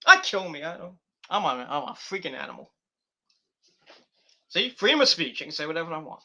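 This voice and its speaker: A man's voice: on the high side, big pitch swings, a little fast, sharp tone. A man reviewing a wrestling show in a loose, rambling way, giggling and restarting his sentences. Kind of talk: rambling casual commentary.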